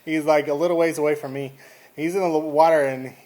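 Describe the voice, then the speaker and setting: Texan man, a bit higher-pitched, animated casual vlogger telling a story. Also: fast. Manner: rambling, animated, restarts.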